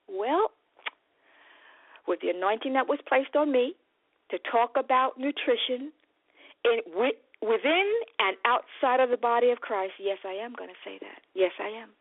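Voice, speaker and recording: A woman's voice: fairly high pitch, normal speed, no echo. A woman nutrition coach preaching with passion on a radio program, calling her listeners beloved and getting worked up. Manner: impassioned, animated, addresses listeners as beloved. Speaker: nutrition coach and broadcast host. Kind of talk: preaching-style health talk. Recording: dry, phone-like radio broadcast.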